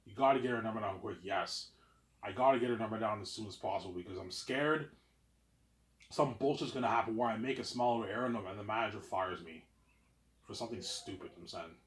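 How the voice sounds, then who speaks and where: A man's voice: fairly low pitch, quick pace, roomy sound. A young man rambling in a casual vlog monologue, repeating words and restarting his sentences often. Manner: repetitive, stammering restarts. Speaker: vlogger.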